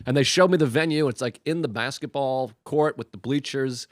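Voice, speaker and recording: A man in his thirties, a comedian co-hosting a podcast, telling a lively anecdote in casual chat. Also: mid-range voice, a little fast, no room sound, studio quality. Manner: lively anecdote-telling with acted-out crowd voices.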